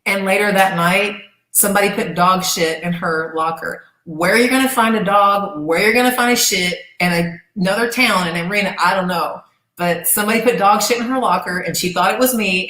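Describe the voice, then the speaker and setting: A middle-aged woman, an interview guest, telling casual stories in a lively, profane way and acting out what people said. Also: medium pitch, fairly quick. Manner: animated, profane storyteller who acts out quoted voices. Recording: echoey room.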